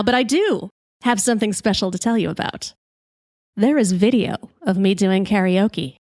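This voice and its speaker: A woman's voice: mid-range voice, no echo, studio quality. Brash woman telling a comic story. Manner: lively, brash, swears freely. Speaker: podcast host.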